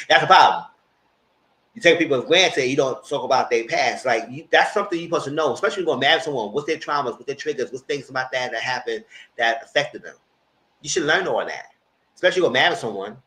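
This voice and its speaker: A man hosting a casual live TV recap, animated, jumping into loud high-pitched quotes of the characters. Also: quick pace. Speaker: TV review host. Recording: roomy echo.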